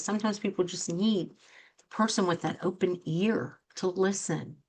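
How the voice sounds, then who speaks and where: A woman's voice: lowish voice, fairly even intonation, normal speed. A middle-aged woman hosting a talk show as a coach, speaking earnestly and acting out quoted reactions in her examples. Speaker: host and coach. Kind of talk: motivational talk show monologue.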